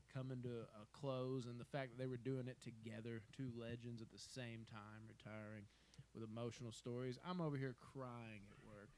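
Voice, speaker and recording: A man's voice: medium pitch, a little mellow, slight background noise. A young man in casual podcast chat, telling stories animatedly, acting out quotes, laughing often and swearing freely. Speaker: podcast co-host.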